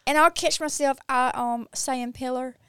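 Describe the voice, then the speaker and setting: A woman's voice: high voice, fairly even intonation, moderate pace, a bit bright, clean tone, no echo, clean studio sound. A middle-aged woman with a Mississippi Southern accent, chatting casually as a podcast guest and laughing often. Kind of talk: casual chat.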